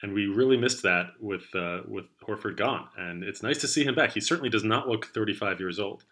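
Male podcast host, bright and forceful tone, upbeat casual lead-in. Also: lowish voice, brisk. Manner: upbeat, leads the talk with rundowns. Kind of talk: casual sports podcast chat.

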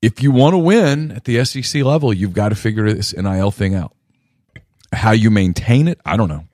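A man with a lowish voice talks sports on a podcast, pushing his points hard and circling back to the same phrase again and again. His voice leaps up in pitch when he drives a point home. The sound is dry and close, with no room around it. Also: animated, a little fast, dry recording. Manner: emphatic, repeats himself, rising to a near shout on key phrases. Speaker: podcast co-host. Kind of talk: casual sports talk.

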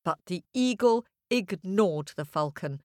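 A woman's voice: fairly low pitch, expressive, slow, no room sound, studio quality. A woman telling a children's fable, playfully addressing young listeners directly. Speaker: storyteller. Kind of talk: children's story narration.

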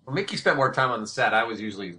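A man who produces a TV series, answering panel questions with self-deprecating stories and lots of halting restarts. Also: mid-range voice, lively intonation, sharp tone. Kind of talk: relaxed panel anecdotes.

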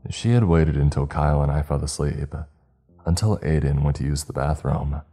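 Deep dark-voiced guy reading a horror story, husky, faint music underneath. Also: moderate pace. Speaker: narrator. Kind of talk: scripted horror narration.

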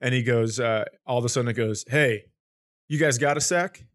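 A man's voice: mid-range voice, moderate pace. A man telling a long comic story on a podcast, acting out the quoted lines and laughing as he goes. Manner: animated anecdote with quoted voices and laughter. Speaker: comedian guest.

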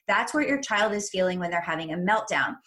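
A woman parenting coach, a younger adult, giving advice in a chat and explaining things clearly step by step. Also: fairly low pitch, animated, fairly quick, a bit bright.

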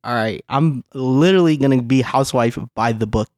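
A man co-hosting a podcast, telling stories in a lively, animated way and swearing freely. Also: mid-range voice, brisk, no room sound, studio quality. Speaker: podcast co-host. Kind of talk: casual chat.

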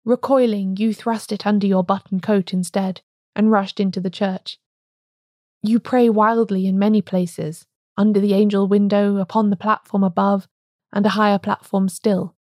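A woman voicing a calm, wise male priest who speaks gravely and gently in an audiobook reading. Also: high-pitched, no room sound, studio quality.

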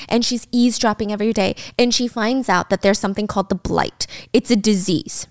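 Young woman, a bit high, chatty book recap, dry close sound. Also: no room sound. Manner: animated storyteller, slips into character quotes. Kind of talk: casual book recap chat.

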